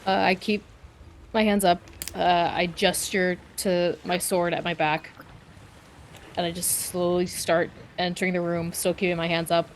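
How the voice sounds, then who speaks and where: A woman's voice: fairly low pitch, level tone, measured pace, slight background noise. A woman playing a tabletop game, describing her actions carefully and hesitantly. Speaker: player.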